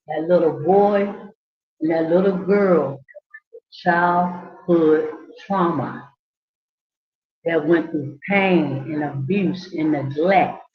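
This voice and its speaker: A woman speaks, delivering an emphatic motivational talk. She talks slowly and drives her points home by saying them again. Her voice comes through muffled and roomy. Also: lowish voice. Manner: repetitive, preachy, emphatic, speaks straight to the listener. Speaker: channel host, inspirational speaker. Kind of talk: motivational self-help talk.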